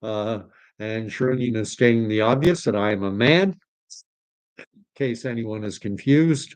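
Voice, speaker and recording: A man's voice: fairly low pitch, a little mellow. Man reading live chat comments. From Canada. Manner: reads viewer comments aloud, hesitant with fillers. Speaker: livestream host.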